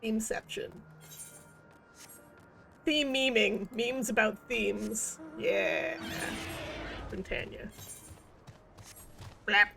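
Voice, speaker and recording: A woman's voice: mid-range voice, very slow, vocal fry, pauses often, over music. A woman streaming a game, rambling in casual commentary with goofy wordplay and self-mocking jokes.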